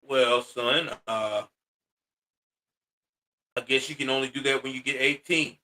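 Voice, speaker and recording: A man voicing a stern middle-aged father who answers slowly and gruffly. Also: mid-range voice, fairly even intonation, sharp tone, distant mic, voice pushed down.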